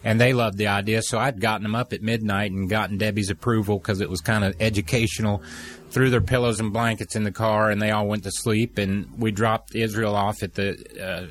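Low-voiced man telling a vivid story. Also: a little fast, slight background noise. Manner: animated storyteller, acts out quoted voices. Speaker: guest telling a testimony. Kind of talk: emotional storytelling of a dream.

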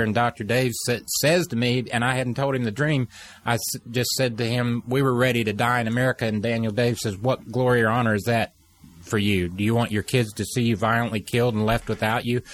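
A middle-aged man telling an emotional faith story, animated and acting out the quoted voices. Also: medium pitch. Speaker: guest telling a testimony.

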